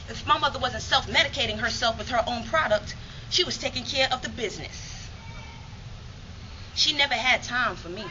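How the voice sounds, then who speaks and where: A woman's voice: a little high, highs cut off, noisy background. A woman from New York performing a dramatic spoken monologue in a rhythmic, emphatic, streetwise way.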